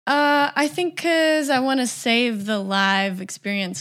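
Relaxed woman co-host, laughs easily, pokes fun at herself. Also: on the high side, unhurried, clear, resonant tone. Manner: laughing, self-deprecating, easygoing. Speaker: podcast co-host. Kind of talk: casual music chat.

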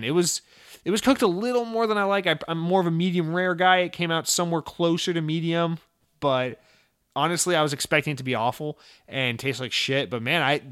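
A young man talks on his own show in a loose, rambling way, tripping over restarts and tossing in curse words as he gets excited. His voice sits a bit high for a man. The sound is close and dry, with no room around it. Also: no room sound. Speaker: podcast host. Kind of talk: casual solo podcast chat.

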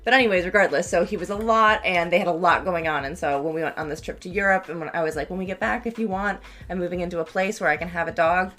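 A woman's voice: lowish voice, fast talker, hardly any pauses, fairly bright tone. A young woman co-hosting a podcast in casual chat, rambling with lots of likes and restarts. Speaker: podcast co-host.

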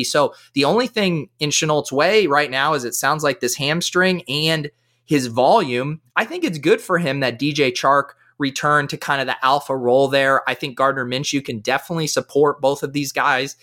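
A man giving fantasy football analysis as a guest in a casual podcast chat, talking with energy. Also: a little high. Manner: energetic, fast-flowing analysis.

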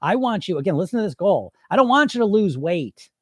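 Man, weight loss coach, podcast monologue, blunt and emphatic, fairly high voice, dry close sound. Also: very animated, a little fast, husky, dry recording. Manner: blunt and emphatic, with frequent laughs and mock-quoted voices.

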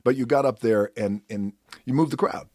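A man's voice: medium pitch, moderate pace, a little mellow, no echo, clean studio sound. A middle-aged man in a casual conversation, encouraging the other speaker with prompting questions. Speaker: podcast guest.

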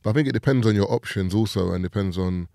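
A young man with a London accent talks things through as a podcast guest, often repeating himself as he thinks. His voice is low and gravelly with a dark tone. The sound is dry and close. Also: quick pace, dry recording. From England. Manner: thoughtful, repeats himself, laid back. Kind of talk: casual chat.

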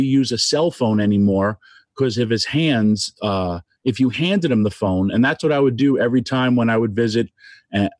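A tearful man giving an emotional tribute, halting and restarting as his voice catches. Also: medium pitch, dry recording. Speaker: guest speaker.

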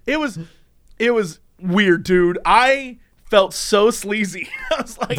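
A man telling a story in casual chat. He is animated, laughs often and acts out the voices. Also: high voice, slow pace. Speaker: podcast storyteller.

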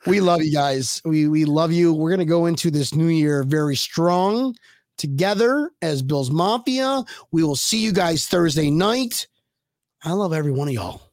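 A man co-hosting a sports fan podcast, rambling and hyped, with loud bursts of laughter and yelling. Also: a little high, animated, moderate pace, no room sound, clean studio sound. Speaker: podcast co-host. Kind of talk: excited sports fan chat.

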